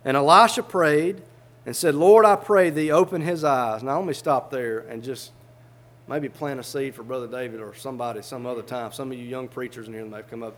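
A man's voice: medium pitch, fairly even intonation, brisk, a bit bright. A man preaching a sermon, fervently reading old scripture aloud and explaining it in plain everyday words.

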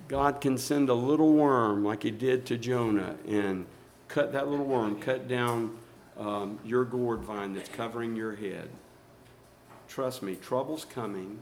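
A man preaching a sermon, swinging from soft and low to loud and high. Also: measured pace, slight background noise.

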